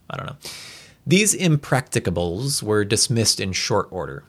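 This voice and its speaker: Low-voiced man reading an old story aloud. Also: normal speed. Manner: relaxed reading with stumbles and asides. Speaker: reader.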